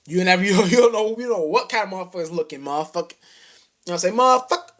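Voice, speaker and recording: Male rapper, slightly higher voice, rambling profane spiritual rant, streetwise slang, fervent. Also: lively intonation, racing, fairly bright tone. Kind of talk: casual spiritual rant to camera.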